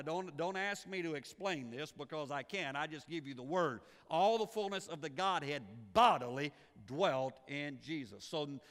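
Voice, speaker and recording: A man preaching a sermon as pastor, animated and repeating words as he builds each point. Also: fairly high pitch. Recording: long hall reverb.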